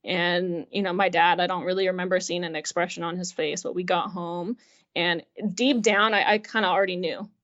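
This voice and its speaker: A woman's voice: fairly low pitch, fairly even intonation, normal speed, a bit bright. Woman telling her story on a podcast, lots of "like" and "you know", plays out what people said, kinda dull lo-fi sound. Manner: chatty, filler-heavy retelling that acts out quoted dialogue with frequent laughs. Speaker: interview guest. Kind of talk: personal storytelling in casual conversation.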